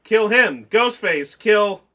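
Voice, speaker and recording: A man's voice: sits high, expressive, slow, pushed and bright. A man chatting casually through a movie review, rambling and acting out scenes in mock voices. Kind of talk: casual film review chat.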